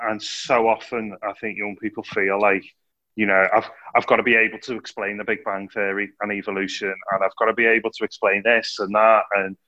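A male host speaks in a low, bright-edged voice, affirming his guest and musing on his own experience. His video call audio is dull and lo-fi, with the highs rolled off. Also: flat delivery, fairly quick. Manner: affirming, reflective. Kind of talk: casual interview chat.

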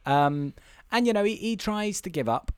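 A man's voice: high voice, normal speed, clear, resonant tone, dry recording, clean studio sound. A man co-hosting a podcast, casually recapping a film with swearing and jokes. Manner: swearing, joking, animated retelling. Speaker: podcast co-host.

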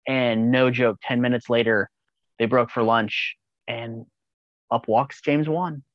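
A man's voice: mid-range voice, fairly even intonation, takes it slowly, no room sound, highs cut off. A man chatting casually as a podcast guest, rambling with enthusiasm and swearing freely. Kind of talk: casual chat.

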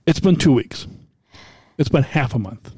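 A man's voice: medium pitch, expressive, measured pace, darkish tone, slightly rough, dry recording. A man co-hosting a podcast in casual chat, playful and teasing, often cutting in. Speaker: podcast co-host. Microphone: studio mic.

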